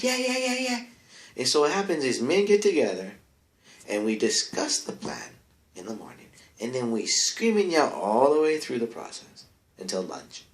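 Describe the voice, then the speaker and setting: Male comic persona, low voice, rambling bro talk, roomy echo. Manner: rambling, bro-ish, trailing into mumbled asides. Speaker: comedic advice-show persona.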